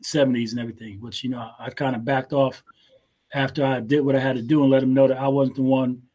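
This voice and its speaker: A man's voice: medium pitch, level tone, quick pace, dark tone. A man in his sixties, a martial arts teacher and guest, telling stories in a casual interview in a laid-back way, often repeating words as he restarts.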